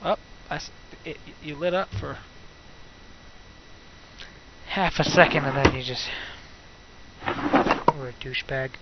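A man's voice: fairly high pitch, moderate pace, dull audio, noisy background. A young man doing let's play commentary, ranting and muttering to himself in frustration as he swears at the game.

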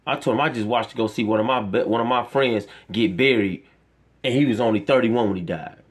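This vlogger's voice is mid-range and husky, and he talks briskly. Addressing his viewers directly, he rants in an impassioned, profane, preachy way, hammering the same point over and over.

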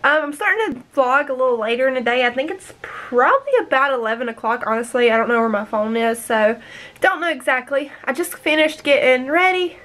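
A woman's voice: high-pitched, animated, a little fast, a bit bright. Chatty young woman vlogging at home. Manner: chatty, rambling, upbeat. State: out of breath. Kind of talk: casual vlog chat.

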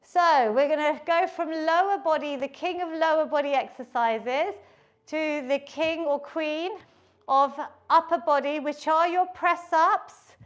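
A middle-aged woman, leading a home workout, counting reps and calmly coaching form. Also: sits high, a little slow. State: out of breath at times. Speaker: fitness instructor. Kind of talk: live workout instruction.

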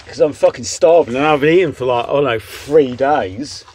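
This young man's voice is medium-pitched, husky and darkish in tone, moving at a normal speed. He's a vlogger ranting about a takeaway meal, swearing all the way through and rambling in exasperation. It's recorded indoors on a phone or camera held close.

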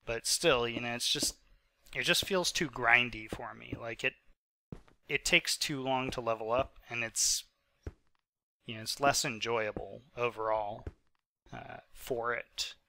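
A man's voice: medium pitch, unhurried, creaky, sharp tone. A man of twenty-five, sick and hiccuping, giving rambling, chatty commentary over his own gameplay footage with many fillers. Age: 20s. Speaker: gaming channel host. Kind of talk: casual post-recorded gameplay commentary.

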